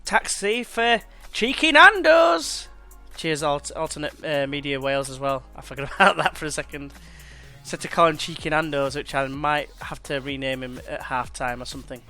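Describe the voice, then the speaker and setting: A man's voice: mid-range voice, fairly even intonation, fairly quick, pushed and bright, soft background music. A young man chatting and calling the action while playing a football management game. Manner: chatty, slangy, commentates play-by-play. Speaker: let's play gamer. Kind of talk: casual gameplay commentary.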